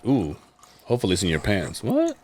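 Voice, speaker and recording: Male podcast co-host, low voice with lots of swing, rambling and laughing a lot. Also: huge pitch swings, brisk, darkish tone. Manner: rambling, laughs often, stumbles over words. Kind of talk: casual chat.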